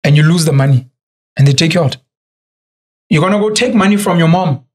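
South african guy with a pretty high voice, chatty podcast guest, does little voices when he quotes people. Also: a little fast. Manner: animated storyteller who acts out quoted voices. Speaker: guest, author and entrepreneur. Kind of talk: casual podcast conversation.

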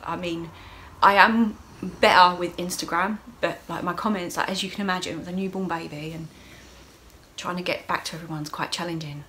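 Chatty mum vlogging at home. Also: female voice, fairly low pitch, fairly even intonation, normal speed, fairly bright tone, a little hiss or hum. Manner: open, emotional, chatty with frequent laughs. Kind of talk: casual video diary chat.

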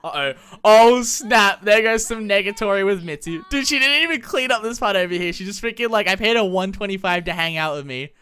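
A young adult commentating a life-simulation game in a casual, slangy, excitable way, laughing often. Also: medium pitch, brisk, few pauses. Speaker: gameplay commentator. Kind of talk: casual Let's Play commentary.

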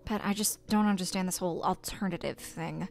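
A woman's voice: fairly low pitch, fairly even intonation, fairly quick, gravelly, faint music behind. A woman reading as a nagging middle-aged mother. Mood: disapproving. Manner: plain reading, no accent attempted.

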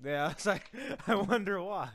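A man hosting casual gameplay commentary, panicking and shouting during fights, mumbling when calm. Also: high-pitched, moderate pace. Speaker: gaming channel host.

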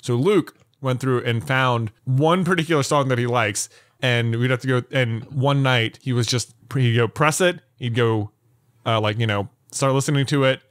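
Young man, podcast co-host, relaxed storyteller, middle pitch, dry recording. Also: normal speed, clear, resonant tone, no echo. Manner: relaxed storytelling with playful acted-out bits. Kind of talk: casual chat.

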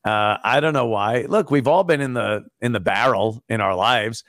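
A man's voice: mid-range voice, normal speed, a bit bright, no echo, clean studio sound. A middle-aged man, a former radio host, chatting as a guest on a podcast, wry and profane, often laughing. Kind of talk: casual podcast chat.

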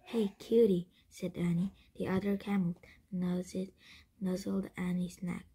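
Slow, breathy woman reading a storybook. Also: on the low side, flat delivery. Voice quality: breathy, husky. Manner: gentle, with occasional slips and restarts. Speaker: storybook reader. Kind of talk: storybook read-aloud.

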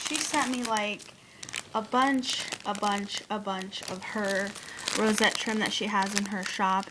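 A woman vlogger chatting casually as she unboxes a craft swap, gushing with excitement and breaking into gasps and squeals. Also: medium pitch, background noise.

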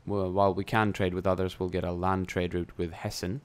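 A young man with a very low voice talks through his turns in a strategy game, chatty and loose. He thinks aloud as he plays, with the odd swear word. He speaks close to a desk mic. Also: little pitch movement, a little fast, smooth. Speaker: gameplay commentator. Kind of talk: casual let's-play commentary.

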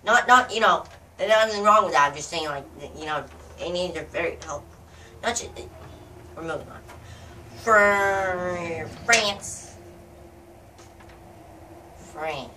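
Speaking slowly with long pauses, this American YouTuber greets her audience outside in the cold, joking and drifting off on tangents. Her voice sits on the low side. The recording is noisy, captured by a distant mic with faint outdoor ambience.

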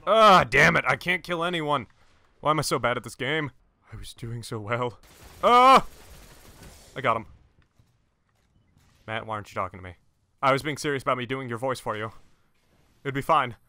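A young man hosting a gaming channel, giving excitable, jokey play-by-play commentary into a headset and swearing when he dies. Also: mid-range voice, fairly quick, long pauses, no room sound. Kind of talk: let's-play gameplay commentary.

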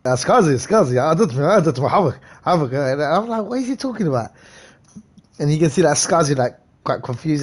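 A man's voice: on the high side, animated. Upbeat young man streaming games. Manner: upbeat, greets viewers by name in quick bursts, slangy. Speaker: live game streamer. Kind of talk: casual live-stream chat.

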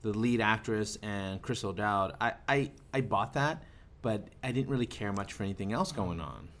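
Low-voiced dry teasing man. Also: lively intonation, moderate pace, fairly bright tone. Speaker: podcast panelist. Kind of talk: casual movie chat.

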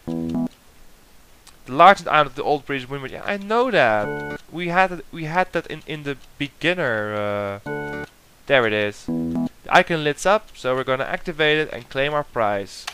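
A man chatting through a computer game as he plays, reading the clue texts aloud and muttering when he guesses wrong. His voice is mid-pitched and ordinary, and plucked-guitar game music plays clearly behind him. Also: sing-song, moderate pace. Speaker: let's play commentator. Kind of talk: casual gameplay commentary.

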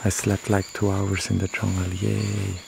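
A man's voice: low voice, completely flat delivery, unhurried, vocal fry. A man talking to the camera as a travel vlogger, chatty, candid and poking fun at himself. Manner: chatty, candid and self-mocking. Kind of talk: casual vlog talk to camera. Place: outdoors in a rainforest. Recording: outdoor clip with loud insect noise. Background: insects and crickets of the forest.

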